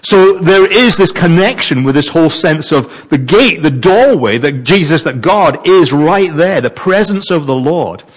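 A man's voice: a little high, measured pace, few pauses. A man preaching a sermon, reading verses and wondering aloud over their meaning. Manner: animated, wondering aloud, mixes reading with asides.

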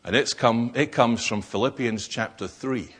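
A man's voice: medium pitch, moderate pace, a bit bright, husky. A man preaching a sermon, stressing key words and posing rhetorical questions.

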